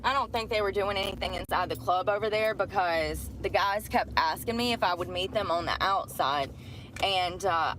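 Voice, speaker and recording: A woman's voice: medium pitch, a bit bright, a little hiss or hum, low-quality recording. Blunt middle-aged woman ranting outdoors. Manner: blunt, profane, indignant. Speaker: woman venting about her job. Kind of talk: candid rant.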